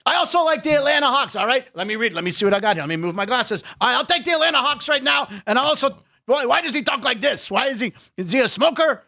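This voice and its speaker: A man putting on a loud, brash New York sports handicapper, shouting his picks. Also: very high-pitched, expressive, pitched above the performer's own voice, heavily acted. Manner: shouting, brash, rapid gravelly wisecracks.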